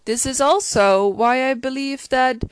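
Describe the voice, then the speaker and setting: A woman's voice: high-pitched, unhurried, clean tone, dry recording. A woman chatting casually and gushingly about a TV episode, full of restarts. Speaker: show reviewer.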